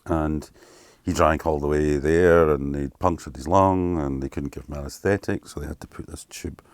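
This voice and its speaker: A bass-voiced Scottish keyboardist in his fifties talks at a moderate pace, captured without any room sound. His interview is relaxed storytelling: frank, animated tales with acted-out quotes and plenty of swearing.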